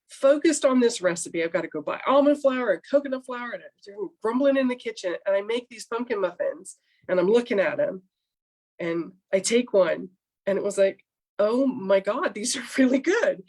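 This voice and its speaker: A middle-aged woman recounts her experience as a coaching client, animated and expressive. She slips into quoted voices of her earlier self as she talks. Her pitch sits mid-range for a woman. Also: moderate pace. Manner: animated, acts out her own past remarks. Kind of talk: candid storytelling interview.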